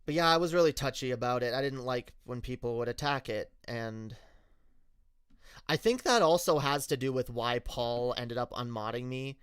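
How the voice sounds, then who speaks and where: A male streamer telling a story in a candid, halting way, often restarting his sentences. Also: mid-range voice, a bit bright, clean tone, no echo, clean studio sound. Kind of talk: casual storytelling rant.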